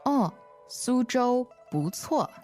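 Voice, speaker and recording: A woman teaching a language lesson, repeating phrases slowly and patiently. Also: on the high side, big pitch swings, a little mellow, soft background music.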